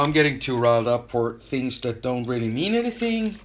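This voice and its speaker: A man's voice: medium pitch, sing-song, fairly quick, hardly any pauses. Joking Swedish man reviewing synth apps. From Sweden. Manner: playful, teasing, crude jokes. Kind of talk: casual jokey video talk to camera.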